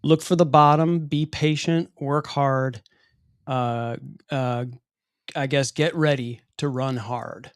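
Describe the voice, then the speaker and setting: A man's voice: mid-range voice, steady tone, takes it slowly, smooth, dry recording, clean studio sound. A man co-hosting a live question-and-answer show, upbeat and full of fillers as he reads out viewer questions. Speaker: co-host and moderator.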